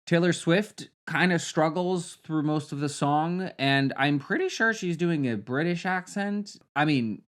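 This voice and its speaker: A young man reviewing a film with sarcasm, trailing off into deadpan mutters and jumping to loud, high outbursts. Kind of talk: sarcastic movie commentary.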